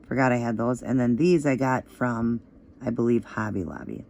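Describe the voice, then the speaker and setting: Slightly hoarse woman giving chatty instructions. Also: extremely low pitch, moderate pace, darkish tone, a little hiss or hum. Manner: chatty, easygoing instructions with fillers. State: slightly hoarse, voice still crackly. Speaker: nail art vlogger. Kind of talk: casual step-by-step tutorial.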